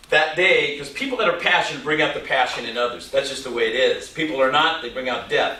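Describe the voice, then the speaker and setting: Talking a little fast in a medium-pitched voice, this motivational speaker in his sixties tells stories on stage before a live crowd in a big hall. He jokes and quizzes the audience with rhetorical questions, all captured on a distant mic with hall echo and slight background noise.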